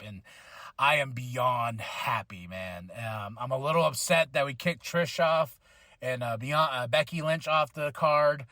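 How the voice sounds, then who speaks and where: A man hosting a podcast, rambling and excitable as he reviews a wrestling event, swearing freely and acting out his own reactions. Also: mid-range voice, normal speed, no echo. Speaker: podcast host.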